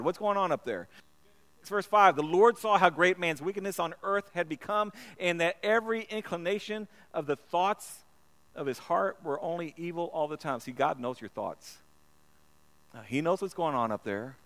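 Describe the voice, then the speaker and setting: A man's voice: fairly high pitch, lively intonation, normal speed, a bit bright. A man preaching a sermon in a church, earnest and repeating himself, often stumbling and restarting his words. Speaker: pastor.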